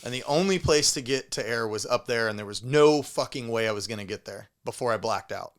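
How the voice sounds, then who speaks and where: A podcast co-host tells a story on a casual show, swearing a lot and acting out noises with animation. His voice is mid-range and a little fast.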